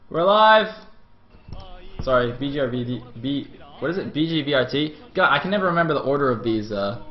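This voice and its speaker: A man giving live play-by-play commentary on a strategy game match, excitable and jumping up in pitch whenever the action heats up. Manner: excitable, voice jumps high at action. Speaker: esports commentator. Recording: dull lo-fi stream audio.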